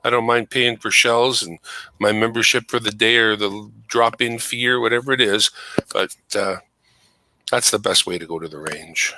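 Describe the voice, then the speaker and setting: A man's voice: lowish voice, normal speed, sharp tone, dry recording, low-quality recording. A man chatting casually from his home computer setup, explaining things at length. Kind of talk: casual chat.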